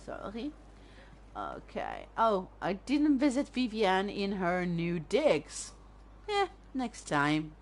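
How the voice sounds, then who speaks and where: Slow, lively-voiced woman streamer. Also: medium pitch. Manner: chatty, thinking aloud while playing. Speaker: let's-play streamer. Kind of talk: casual gameplay commentary.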